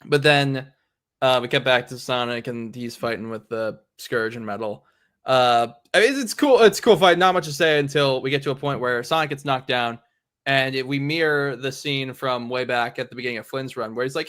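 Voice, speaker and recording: A man's voice: mid-range voice, moderate pace, fairly bright tone. A young man hosting a casual podcast chat about comics, retelling the story in a rambling way full of "like" and "um". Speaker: podcast host. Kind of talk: casual comic book discussion.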